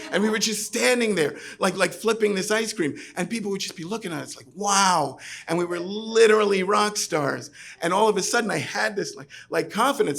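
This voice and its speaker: Man from New York, live storyteller, gravelly and a bit high, rambling chatty delivery. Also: bright, forceful tone. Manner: chatty, full of fillers like "like" and "right". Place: pub stage.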